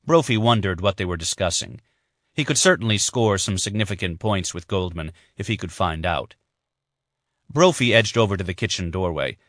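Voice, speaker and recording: A man reading a thriller audiobook in a measured, even narration. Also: deep voice, no room sound, studio quality. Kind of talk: scripted narration.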